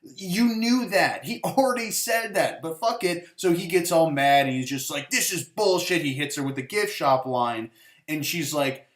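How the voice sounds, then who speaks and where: A man's voice: a little high, moderate pace. A man hosting a casual movie review show, rambling and sarcastic, with lots of "like" and swearing. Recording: roomy echo.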